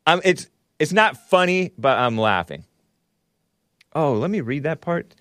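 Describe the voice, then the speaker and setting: A man's voice: a little high, animated, measured pace, fairly bright tone, no echo, studio quality. A man hosting a talk show, giving casual commentary on news clips with wry, chuckling asides. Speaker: show host.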